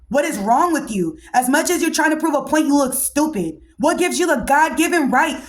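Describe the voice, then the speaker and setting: A woman in her thirties recapping a reality show on her podcast, blunt and animated, with plenty of slang. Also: sits high. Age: 30s. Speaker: podcast host.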